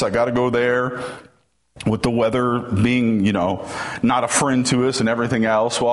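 A pastor delivering a sermon in a mid-range male voice. He moves between calm storytelling and rising, emphatic declarations. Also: mid-range voice.

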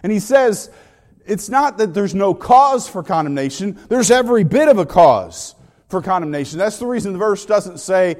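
A man's voice: high-pitched, animated, normal speed, darkish tone, big-room sound. A man preaching a sermon as pastor, emphatic and building his points through repeated phrases.

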